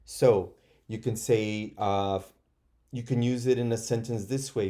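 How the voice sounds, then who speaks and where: A male first grade teacher leads an online phonics lesson, patiently sounding out words for young learners. He speaks very slowly, with hesitant fillers and a mellow tone. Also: on the low side, fairly even intonation. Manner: slow, patient, models sounding out words aloud.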